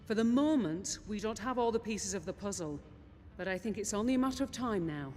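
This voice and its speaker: An actress playing a determined ship officer. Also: female voice, medium pitch, expressive, a little mellow, a little hiss or hum, close to an everyday voice. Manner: brisk, determined briefing tone. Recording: game audio with long reverb.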